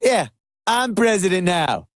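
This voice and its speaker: A man's voice: high voice, big pitch swings, a little slow, fairly bright tone, no room sound, studio quality, heavily acted. A man putting on an impression of a blunt male president who curtly brushes off a request. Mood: dismissive. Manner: curt, dismissive, clipped.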